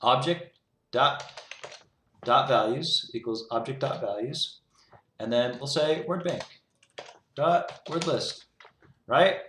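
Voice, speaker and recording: A man's voice: mid-range voice, slow, pauses often, a bit bright, slight background noise. Exasperated young man talking through his code. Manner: exasperated, rambling, heavy use of "like". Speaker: programmer streaming his coding. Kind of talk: casual talk-through while coding. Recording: roomy echo.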